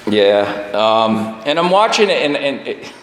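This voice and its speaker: A man's voice: mid-range voice, measured pace. Self-deprecating man telling a story in an echoey hall. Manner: animated, self-deprecating storytelling with frequent laughs. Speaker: speaker at a recovery meeting. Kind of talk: personal story share. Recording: echoey hall with long reverb.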